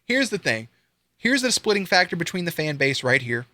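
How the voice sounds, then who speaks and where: A young man streaming live, ranting casually with lots of swearing and sudden high-pitched outbursts. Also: moderate pace, no echo. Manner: profane, animated, swings into high-pitched outbursts.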